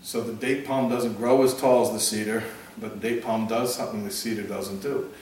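A man with a fairly low, slightly mellow voice delivers a storytelling sermon as a religious teacher, at a moderate, steady pace. He speaks earnestly, often repeating and restarting words, and weaves in Hebrew and Yiddish terms. The mic is distant in a very echoey room, with faint noise.

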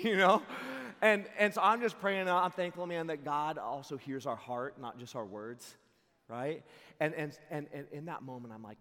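A young man preaching to a camp crowd, telling a story in an excitable, animated way and laughing along. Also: on the high side, brisk. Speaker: camp speaker. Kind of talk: storytelling sermon to a youth camp. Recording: long hall reverb.

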